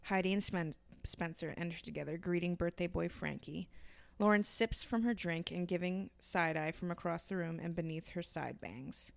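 A woman with a low, gravelly voice reads stage directions aloud during a comedy script reading. Her delivery is flat and even, and the recording is dry. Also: moderate pace, no room sound.

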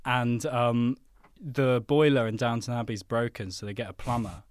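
A man's voice: medium pitch, steady tone, moderate pace. A man co-hosting a podcast in casual chat, telling a story playfully and laughing often. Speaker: podcast co-host.

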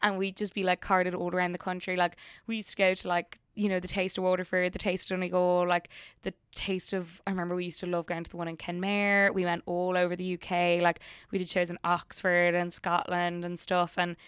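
A young Irish woman with a south Dublin lilt chats freely as a guest, peppering her stories with "like" and quick laughs. Her voice is bright and crisp, recorded close in a dry space. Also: fairly low pitch, completely flat delivery, no echo. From Ireland. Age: 20s. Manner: chatty, laughs often, fillers of "like". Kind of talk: casual chat.

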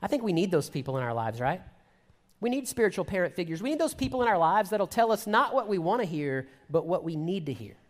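A man's voice: high-pitched, very animated, fast, big-room sound. A man preaching a sermon in a conversational style, acting out sarcastic paraphrases.

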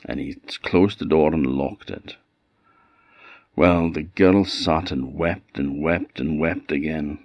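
A man with an Orkney accent tells a fairytale in a very deep, slow, conversational voice. The recording is dry and close, with a dull, muffled sound. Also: no echo. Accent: Orkney Scots. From Orkney, Scotland. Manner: unhurried, conversational telling. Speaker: storyteller. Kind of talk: oral folk storytelling.

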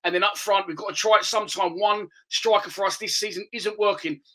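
A man's voice: high-pitched, fairly even intonation, fairly quick, pushed and bright, rough recording. A man hosting a football podcast, giving an opinionated, conversational fan's preview of the next match. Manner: opinionated, conversational fan analysis.

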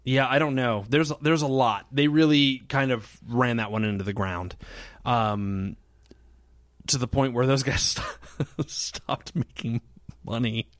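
A man's voice: medium pitch, unhurried, no room sound, studio quality. A man co-hosting a casual podcast, telling a rambling story, laughing often and acting out the lines of the people he quotes. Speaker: podcast co-host.

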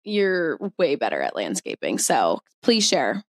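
A woman's voice: a bass voice, wildly swooping pitch, a little slow, no echo. A young woman co-hosting a podcast in casual chat, talking chattily with lots of fillers and giggles. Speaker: podcast co-host.

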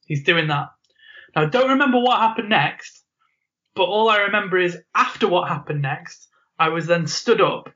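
A man's voice: high voice, normal speed. Laughing man telling a story. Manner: animated storyteller, laughs often, acts out quotes. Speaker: podcast co-host. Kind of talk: casual storytelling chat. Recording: muffled lo-fi podcast audio.

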